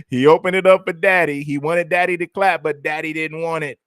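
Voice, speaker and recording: A male co-host teases the target of the stream, laughing along. His voice is a little high and the sound is dry and close. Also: a bit bright, no echo. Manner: laughing, teasing. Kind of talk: mocking commentary.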